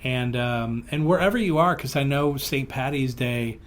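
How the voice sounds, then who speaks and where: Animated man hosting a chat show. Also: mid-range voice, moderate pace. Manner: animated, breaks into playful silly voices. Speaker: podcast host. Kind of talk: casual chat.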